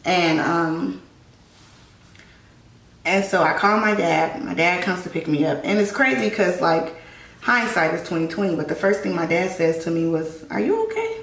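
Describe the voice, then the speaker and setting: A young woman with a low voice and a gravelly fry tells a personal story in a relaxed, chatty way, leaning on "like" and "you know". She sits a little back from the mic in a roomy, echoing space at home, with faint noise underneath. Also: moderate pace. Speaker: vlogger. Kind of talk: casual storytelling.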